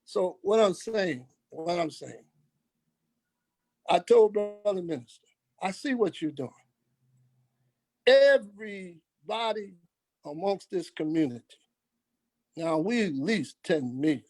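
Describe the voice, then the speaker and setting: An older man with a high voice tells his stories with emphasis and acts out the lines of the people in them. He speaks as a guest on a podcast interview. The recording is close and dry. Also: lively intonation, slow pace, pauses often, a little mellow, dry recording. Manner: emphatic, acts out quoted dialogue. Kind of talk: storytelling interview.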